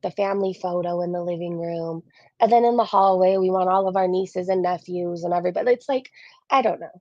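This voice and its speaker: A woman's voice: mid-range voice, dark tone, no room sound, lo-fi sound. A woman hosting a casual livestream, bubbly and greeting her chatters by name. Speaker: livestream host.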